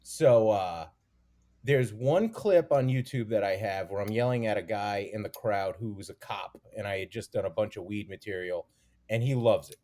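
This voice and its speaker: A man's voice: on the low side, normal speed, mellow. A man co-hosting a comedy podcast, telling a story and teasing his guest. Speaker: co-host. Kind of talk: casual comedy podcast chat.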